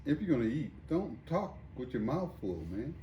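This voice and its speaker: A man's voice: mid-range voice, big pitch swings, moderate pace, lo-fi sound, a little hiss or hum. A laid-back man co-hosting a podcast, teasing his friend in casual chat and sometimes stumbling over his words. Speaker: podcast co-host. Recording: echoey room, mic at a distance.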